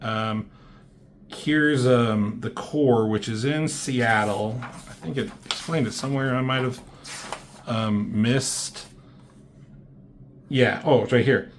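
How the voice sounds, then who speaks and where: A man's voice: mid-range voice, slow, pauses often, a little hiss or hum. A man giving a casual, rambling comic book review, swearing often and filling gaps with "um" and "like". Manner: rambling, profane, many fillers. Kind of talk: casual commentary.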